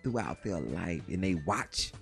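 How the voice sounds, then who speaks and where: A woman chatting casually as a podcast host, telling loud, profane stories and laughing often. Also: rumbling low, sing-song, unhurried, vocal fry, soft background music. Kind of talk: casual chat.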